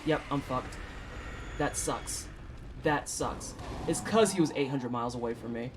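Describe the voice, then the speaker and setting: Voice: mid-range voice, lively intonation, a little slow, background noise. A streamer in their thirties from St. Louis, chatting with viewers during a game, joking and swearing in casual slang. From St. Louis, USA. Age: 30s. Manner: joking, profane, slangy trash talk. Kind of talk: casual live-stream banter with chat.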